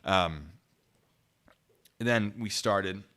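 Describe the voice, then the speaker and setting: A man with a fairly low voice tells a story to his live chat in a loose, casual way. He laughs often and restarts his sentences as he rambles along. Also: drawn-out words, a bit bright. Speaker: YouTube channel host.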